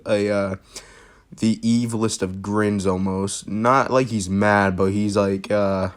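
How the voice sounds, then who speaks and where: A man's voice: lowish voice, steady tone, slow pace, smooth. A young man casually improvising a fan-fiction story, rambling with fillers and jokes. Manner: rambling, full of fillers and restarts, jokey.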